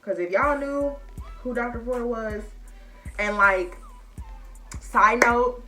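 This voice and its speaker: A woman's voice: fairly high pitch, takes it slowly, pauses often, bright, forceful tone, soft background music. A young woman, chatting casually and emotionally to her viewers as y'all. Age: young adult. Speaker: vlogger. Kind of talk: casual chat to camera.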